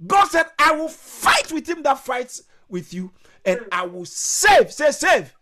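High-voiced preacher guy, bright ringing tone, shouts and calls back to the crowd, slips into tongues. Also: very animated, unhurried, a little hiss or hum. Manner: fervent, shouting exclamations and calls for responses; speaks in tongues between phrases. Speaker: pastor.

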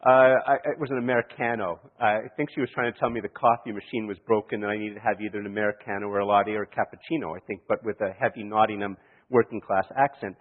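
Male preacher, storytelling sermon style, husky, heard through a thin lo-fi recording in a reverberant hall. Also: on the low side, steady tone, quick pace. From Canada. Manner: storytelling, chuckling, many restarts. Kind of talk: sermon with anecdotes. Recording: echoey hall, tinny lo-fi sound.

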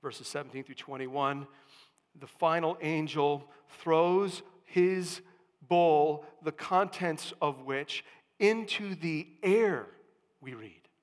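A male pastor preaching a sermon, dropping to hushed lines and then rising to booming proclamations. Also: slow. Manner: dramatic swings from hushed to booming. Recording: long church reverb.

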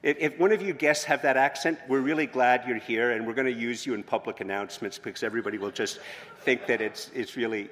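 Pastor preaching in a reverberant hall. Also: male voice, mid-range voice. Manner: conversational preaching, rising to loud emphatic proclamations. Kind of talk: sermon. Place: church hall with long reverb.

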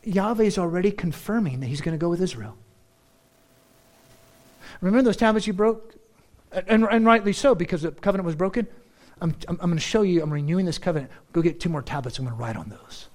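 High-voiced man preaching a lively sermon. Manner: animated, shifts between slow emphatic phrasing and quick asides. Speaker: pastor.

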